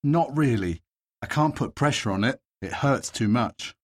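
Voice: medium pitch, lively intonation, a little slow, slightly rough. An actor playing a young adult male patient in a language-course dialogue. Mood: plain.

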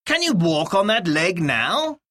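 A woman voicing a calm doctor in a language-course dialogue. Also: on the low side, unhurried, heavily acted.

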